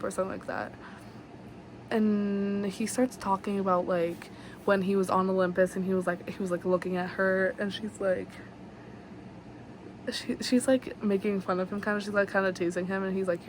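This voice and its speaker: A young woman chatting through a book recap in a loose, rambling way, packing her sentences with fillers and gushing over the story. Her voice sits at an ordinary middle pitch. A clear layer of noise hums under the recording. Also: level tone, a little fast. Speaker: book vlogger.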